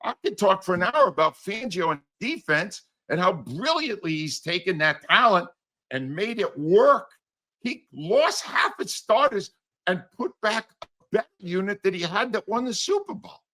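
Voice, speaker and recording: An older man, a sports commentator, ranting sarcastically about coaching in a loud, exasperated way. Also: high-pitched, sing-song, moderate pace. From United States. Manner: sarcastic, exasperated, wildly swinging emphasis. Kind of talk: animated radio-style rant.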